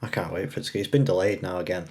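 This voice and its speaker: A young man with a low voice, co-hosting a podcast from a remote setup. He chats like a film buff, halting often on "uh" as he works through his points. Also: darkish tone. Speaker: podcast co-host. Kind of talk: casual chat. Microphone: remote call recording.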